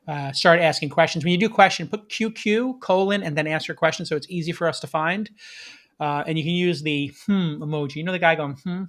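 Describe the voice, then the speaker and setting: A man's voice: a little high, fairly bright tone. Upbeat man hosting a live stream. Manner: chatty, upbeat, talks to the audience and producer. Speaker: podcast host. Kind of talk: live-stream chat and news rundown.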